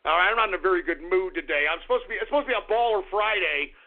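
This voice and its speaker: A man's voice: sits high, very fast. Angry, crude man ranting on talk radio. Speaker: radio host. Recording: tinny phone-like radio sound.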